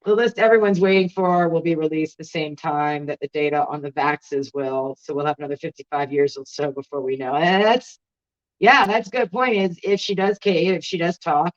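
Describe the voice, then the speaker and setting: Woman cohost reading chat with jokey asides, lowish voice, muffled lo-fi audio. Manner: wry, joking asides while reading comments. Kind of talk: casual livestream talk.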